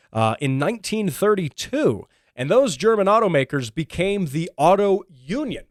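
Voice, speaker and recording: A man's voice: a little high, no room sound, studio quality. A man hosting his own car radio show and podcast, talking casually and wryly with many ums and restarts. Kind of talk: casual solo podcast commentary.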